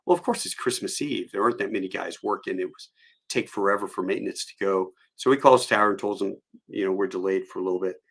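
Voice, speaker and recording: A man's voice: on the low side, fairly quick. A man in his fifties, a pilot, telling a rambling story on a solo live stream, full of fillers and side tangents. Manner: rambling and digressive, with many fillers.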